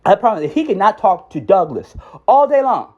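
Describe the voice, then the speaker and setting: A man's voice: high voice, big pitch swings, brisk, mellow. A former schoolteacher, a man, rambling angrily on a recorded phone call and often asking "right?". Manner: rambling, agitated, keeps asking "right?" and says "dude". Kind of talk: heated recorded phone rant.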